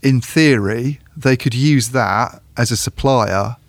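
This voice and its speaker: A man's voice: medium pitch, slow, no echo. A man co-hosting a podcast in casual chat, hesitant and wry, often restarting his sentences. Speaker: podcast co-host.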